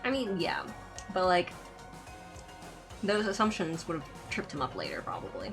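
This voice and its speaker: A woman's voice: lowish voice, wildly swooping pitch, normal speed. Chatty woman streamer with a lisp. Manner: chatty, laughs often. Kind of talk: live-stream commentary. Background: music.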